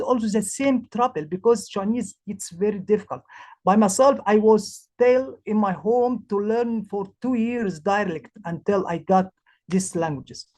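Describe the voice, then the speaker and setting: A woman who is a language teacher, presenting her project in English, halting and restarting as she searches for words. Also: mid-range voice, a little mellow. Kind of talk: presentation talk.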